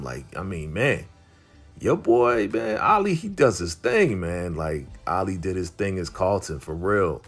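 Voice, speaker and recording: Brief: easygoing man with a deep voice, slangy TV recap host, faint music under him. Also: big pitch swings, measured pace. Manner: slangy, laid-back, heavy on filler phrases. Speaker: TV recap vlogger. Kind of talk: casual episode recap.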